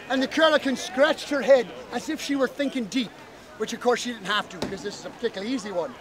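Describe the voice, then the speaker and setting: High-voiced man telling a folk tale. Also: fast, some chatter behind. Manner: animated, teasing asides. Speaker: storyteller. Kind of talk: live oral storytelling to an audience. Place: outdoor event.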